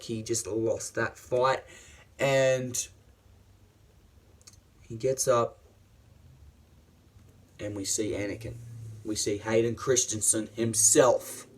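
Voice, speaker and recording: A man reviewing a series in a casual, enthusiastic, rambling way, swearing often and using many fillers. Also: lowish voice.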